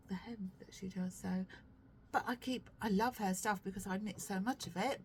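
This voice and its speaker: A woman chats to camera about her knitting in a rambling, self-deprecating way, full of ums and little asides. She drifts back from the camera mic now and then, and there's a faint hiss under her voice. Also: mid-range voice. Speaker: knitting podcast host. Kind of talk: casual chat to camera.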